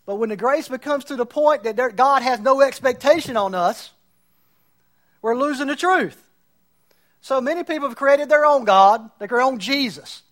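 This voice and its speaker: A man's voice: extremely high pitch, moderate pace, fairly bright tone. A man preaching as a pastor, building his points and acting out the voices of people he disagrees with. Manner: preaching, mocking quotes of others. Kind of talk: sermon.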